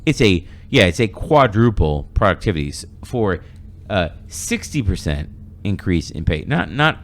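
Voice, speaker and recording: A man's voice: low-pitched, sing-song, unhurried, a little hiss or hum. A man hosting a podcast in casual discussion, rambling with many fillers and restarts. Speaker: podcast host.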